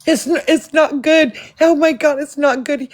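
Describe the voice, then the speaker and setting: A woman's voice: high-pitched, fairly even intonation, a little slow. A woman on a live stream, panicked and pleading, shaken and close to tears.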